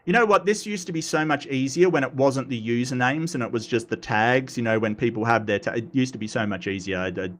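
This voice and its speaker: A man hosting a casual livestream, animated and self-mocking, often stumbling over his words. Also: medium pitch, quick pace, few pauses, a little hiss or hum. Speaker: host.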